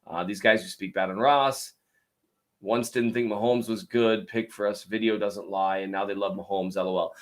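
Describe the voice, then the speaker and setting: A man's voice: on the low side, steady tone. A man hosting a show, answering viewer questions in a rambling casual chat with many fillers and restarts. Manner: tries to talk louder and slower.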